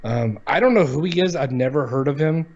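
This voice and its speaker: A man's voice: a little high, lively intonation, brisk, darkish tone. A man in his thirties co-hosting a casual chat show, talking bluntly, dismissively and with a lot of swearing. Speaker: podcast co-host. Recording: dull lo-fi audio.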